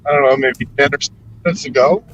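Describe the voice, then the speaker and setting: A man co-hosting a podcast, talking in a laid-back way over a call while driving on a highway. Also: quick pace, crowd noise. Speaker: podcast co-host. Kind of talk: casual chat while driving. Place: in a moving vehicle on a highway. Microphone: phone or internet call from a car. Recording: dull lo-fi call with road noise.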